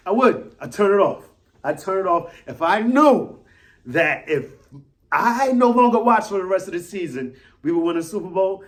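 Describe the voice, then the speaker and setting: A man giving casual solo commentary as a fan vlogger, rambling and animated, repeating himself and swinging between loud and soft. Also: fairly high pitch.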